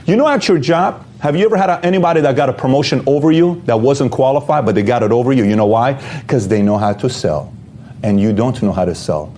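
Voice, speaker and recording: A man with a mellow, relaxed tone lays out his case plainly, throwing rhetorical questions straight at the listener. A faint hum of noise sits behind his voice. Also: mid-range voice, fast talker. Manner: direct, rhetorical questions to the viewer. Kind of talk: motivational talk.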